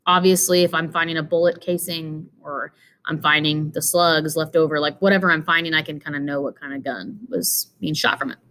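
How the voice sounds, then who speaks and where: A woman's voice: low-pitched, bright, forceful tone. A woman giving an informal lesson, walking through slides with many fillers and asides. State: tired, yawning. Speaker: teacher. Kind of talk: casual explanatory lecture.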